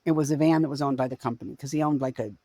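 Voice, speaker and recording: A woman in her forties co-hosts a podcast, telling a family story in casual storytelling chat that rambles and corrects itself. She has a bass voice with fairly even intonation, speaking rapid-fire in a warm tone with no room sound.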